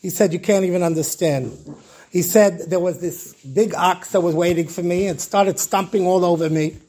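Rabbi, male, high voice, animated storyteller who acts out the dialogue. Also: moderate pace. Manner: lively storyteller acting out dialogue with Hebrew terms. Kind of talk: storytelling Torah class.

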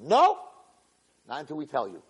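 A man's voice: on the high side, huge pitch swings, moderate pace, noisy background. A man voicing a group of young bridesmaids teasing a bride about a present. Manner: teasing, coy.

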